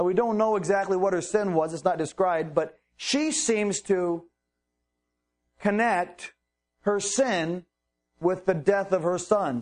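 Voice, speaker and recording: A man's voice: sits high, a little mellow. A man preaching a sermon, reading Bible verses and explaining them earnestly with rhetorical questions.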